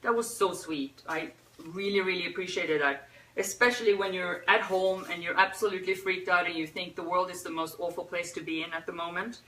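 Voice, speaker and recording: A woman hosting a pet memorial livestream, talking unscripted in a teary, soft-hearted way with sighs and pauses. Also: lowish voice, steady tone. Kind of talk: unscripted emotional talk. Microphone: phone or webcam. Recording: roomy echo, a bit far from the mic.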